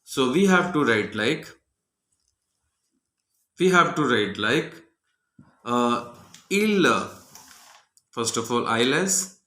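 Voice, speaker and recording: Male teacher explaining French grammar methodically, bright tone, roomy echo. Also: mid-range voice, very animated, takes it slowly, long pauses. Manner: methodical, walks through each answer step by step.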